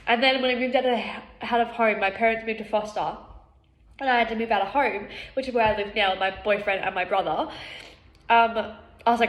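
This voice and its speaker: A woman's voice: fairly high pitch, a little fast, a bit bright. A woman vlogger talking through her own feelings in a blunt monologue, swearing freely and often breaking into laughter. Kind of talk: candid self-reflective monologue. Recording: echoey room.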